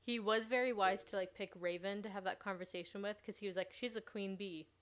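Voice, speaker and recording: A young woman hosts a casual recap podcast in a smooth, clean voice. She chats easily and gushes, dropping "like" into almost every sentence. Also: mid-range voice, steady tone, fast talker. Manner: chatty, gushing, full of "like". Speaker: podcast host.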